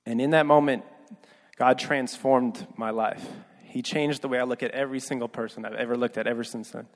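A young man preaching, telling a personal story with earnest, quiet delivery that rises for emphasis. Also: mid-range voice, steady tone, brisk. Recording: long hall reverb.

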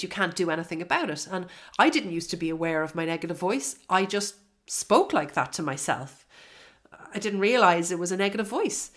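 Low-voiced frank woman podcasting. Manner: frank and chatty, with swearing and many fillers. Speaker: fitness podcast host. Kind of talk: solo podcast monologue.

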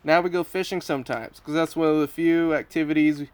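A man's voice: a little high, fairly even intonation, fast talker, darkish tone. A man from Canada, hosting a podcast in a casual, friendly chat, teasing and playing along with jokes. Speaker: podcast host.

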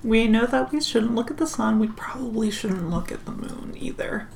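A woman playing a tabletop game, bossy and quick to steer her group. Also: a little high, gravelly, background noise. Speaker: player. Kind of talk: casual tabletop play.

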